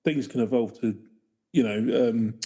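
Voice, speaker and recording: Husky, hesitant male co-host. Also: medium pitch, measured pace, warm tone. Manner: hesitant, filler-heavy. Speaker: podcast co-host. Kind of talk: casual comedy chat.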